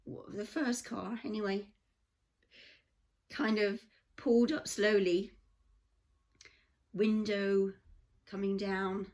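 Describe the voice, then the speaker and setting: An English woman vlogger telling a rambling personal story in a chatty way, full of asides. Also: mid-range voice. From England. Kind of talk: casual storytelling.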